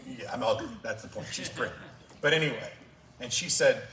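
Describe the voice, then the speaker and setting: A man's voice: medium pitch, fairly quick, a bit bright, slight background noise. Emotional male coach telling stories. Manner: emotional storytelling. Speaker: track and field coach. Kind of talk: conference talk. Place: clinic session room. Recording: roomy hall from a distance.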